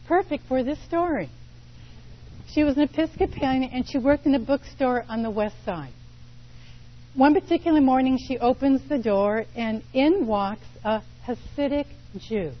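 A woman preaching a sermon, telling stories slowly and deliberately with pauses. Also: high voice, highs cut off. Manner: slow, deliberate storytelling with pauses.

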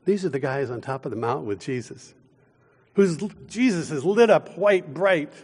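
A man preaching a sermon as pastor, with deliberate, emphatic delivery and dramatic pauses. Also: fairly high pitch, expressive, a little mellow, slightly rough, long reverb tail.

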